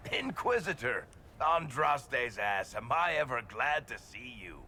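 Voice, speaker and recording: Wry sardonic dwarf man, gravelly, lively delivery. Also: mid-range voice, measured pace, a little hiss or hum, heavily acted. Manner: dry, sardonic wit.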